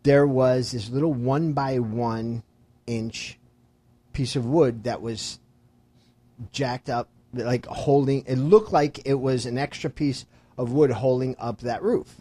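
A man in casual conversation, telling a lively anecdote and acting out the voices of the people in it. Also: mid-range voice, takes it slowly, no room sound. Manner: animated storyteller who acts out quoted voices. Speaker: friend telling a story. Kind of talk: casual chat.

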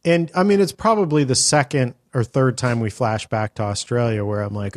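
A man in casual chat about films, swearing freely and telling his reactions in a blunt, animated way. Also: medium pitch, fairly quick, few pauses. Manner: blunt, profane, animated storytelling. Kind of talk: casual movie review chat.

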